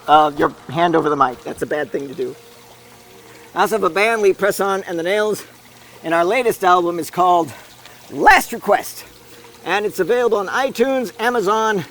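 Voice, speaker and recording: High-voiced man doing playful mock sports commentary. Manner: playful, deadpan announcer tone. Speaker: host and commentator.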